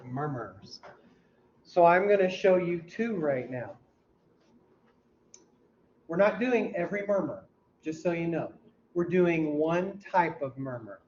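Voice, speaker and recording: A man teaching a class, quizzing students and mimicking heart sounds out loud, heard in a dull, lo-fi classroom recording. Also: a little high, lively intonation, takes it slowly, pauses often. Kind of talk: classroom lecture. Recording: dull lo-fi recording with faint hum.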